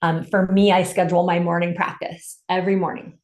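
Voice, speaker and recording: An upbeat woman coach talks through a live webinar in a slightly low voice, cheering on her listeners and reading their comments back to them. She sounds roomy and echoey, recorded over a video call. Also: little pitch movement, brisk. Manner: upbeat, encouraging, reads chat comments aloud. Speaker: summit host and business coach. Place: home in Santa Cruz. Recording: echoey room.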